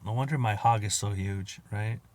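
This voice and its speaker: A man hosting a podcast, riffing in a crude, profane monologue, laughing at his own jokes and acting out quotes with loud outbursts. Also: on the low side, moderate pace. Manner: acts out quoted exchanges with sudden loud outbursts. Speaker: podcast host. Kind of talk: casual comedic monologue.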